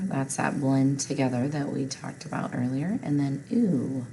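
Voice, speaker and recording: A woman's voice: very deep voice, expressive, unhurried, hardly any pauses, dark tone, slight background noise, poor audio. A woman teacher leading a phonics spelling lesson for children, patient and encouraging.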